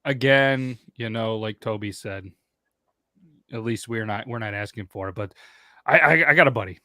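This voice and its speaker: A man's voice: on the low side, moderate pace, pushed and bright, dry recording, studio quality. A man co-hosting a podcast, telling crude jokes in casual banter and leading the show's segments. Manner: joking, crude humor, runs the show segments. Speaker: podcast co-host.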